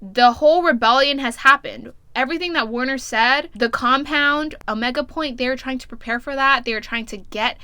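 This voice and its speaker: A woman's voice: high-pitched, normal speed, few pauses, bright, forceful tone, clear, resonant tone, no room sound. A woman giving a casual, profane and exasperated plot recap as a book reviewer.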